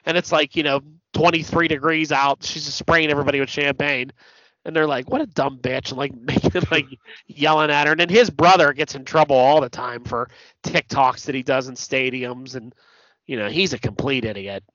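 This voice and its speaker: A man co-hosting a podcast, chatting casually about sports, blunt and profane, telling stories with animated asides. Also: on the high side, normal speed, no room sound. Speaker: podcast co-host. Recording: dull lo-fi podcast audio, dry.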